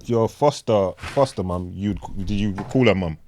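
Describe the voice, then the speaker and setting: A man's voice: lowish voice, a little slow, noisy background. A man hosting a podcast, encouraging his guest with playful hype and banter. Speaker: podcast host. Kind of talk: casual podcast interview.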